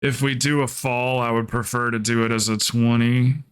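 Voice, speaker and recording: A man streaming live, talking to his viewers and group in a relaxed, casual way. He grew up in the American South, thinks out loud with a lot of ums, and his voice comes through smooth and clear at an ordinary middle pitch. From Southern United States. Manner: thinking aloud, chatty, halting with fillers. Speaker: livestreamer planning game runs. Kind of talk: casual livestream chat.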